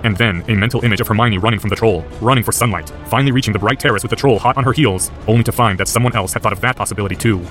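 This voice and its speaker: A man reads a story aloud at a very fast clip, intense and driven. His voice sits on the low side. Soft music plays under the narration. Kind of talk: audiobook narration of fan fiction.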